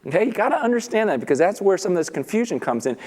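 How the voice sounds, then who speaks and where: A man preaching a sermon, telling a story with animated delivery and acting out the characters' lines. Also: high-pitched, rapid-fire. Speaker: pastor. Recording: long reverb of a large hall.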